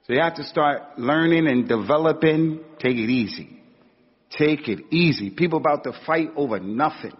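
Husky, fairly high male preacher; casual slangy sermon, acted-out anecdotes; dull recording, long hall reverb. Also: normal speed. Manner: conversational, street slang, acts out anecdotes. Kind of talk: informal sermon.

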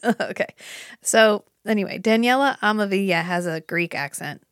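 A woman co-hosting a casual chat podcast, opinionated and animated, swearing now and then as she talks. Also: medium pitch, moderate pace, clean tone, dry recording, clean studio sound. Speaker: podcast co-host.

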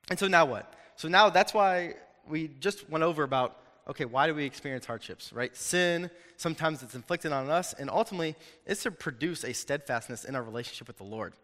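A man's voice: medium pitch, moderate pace. Young man preaching in a reverberant hall. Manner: animated, conversational, jokes with the audience. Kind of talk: sermon. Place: hall with an audience.

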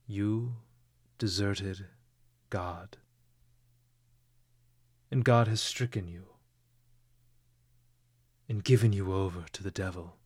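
A man voicing a devout, frightened young woman who pleads in urgent, hushed tones. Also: sits low, fairly even intonation, slow pace, long pauses, husky, no room sound, studio quality, heavily acted. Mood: pleading.

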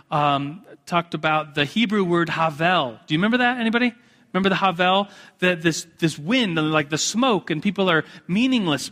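Man, 30s, high bright voice, casual rambling sermon, church hall echo. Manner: casual, chatty preaching full of "like" and restarts. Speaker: preacher. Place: church sanctuary. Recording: echoey hall.

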